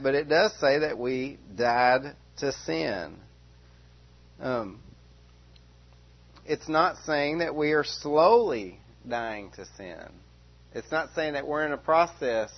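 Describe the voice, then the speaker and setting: A man preaching a verse-by-verse sermon, repeating key phrases slowly and with emphasis. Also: a little high, gravelly, highs cut off. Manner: emphatic repetition, slow stressed phrases. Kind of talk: expository sermon.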